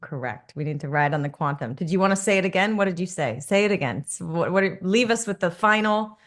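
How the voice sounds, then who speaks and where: A woman's voice: fairly low pitch, animated, a little fast, a bit bright. A woman hosting a podcast, gushing and enthusiastic toward her guest. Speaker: podcast host. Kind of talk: podcast interview.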